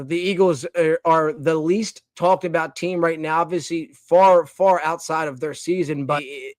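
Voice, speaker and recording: Rambling young man, fairly high voice. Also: dry recording. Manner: rambling, animated, with many restarts and fillers. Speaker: podcast host. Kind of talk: casual opinion segment.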